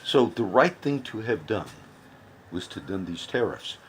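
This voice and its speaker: A man's voice: lowish voice, big pitch swings, a little slow, a little hiss or hum. A man giving casual political commentary in a self-recorded video, rambling and repeating phrases for emphasis.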